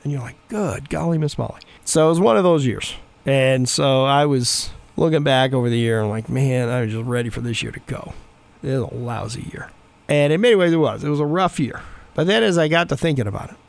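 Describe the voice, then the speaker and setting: Man, middle-aged, pastor, conversational sermon, gravelly, mid-pitched. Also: no room sound. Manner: conversational, folksy storytelling.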